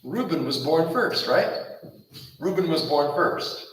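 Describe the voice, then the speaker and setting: A man preaching a Bible study in a strongly echoing church hall, heard from some distance off the mic with a faint hiss behind him. His voice sits a little high for a man, and he presses his points with repetition and rhetorical questions. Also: expressive, slow. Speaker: pastor. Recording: roomy echo, mic far off, faint noise.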